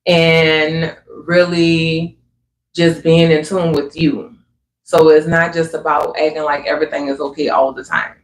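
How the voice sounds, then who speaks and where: A man speaking unhurriedly with a somewhat raised pitch, sharing spiritual reflections in an earnest, conversational way. His voice rings in an echoey room with a faint hum of ambience behind it. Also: flat delivery, a little slow. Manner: earnest and conversational, fillers like "you know what I'm saying". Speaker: livestream host.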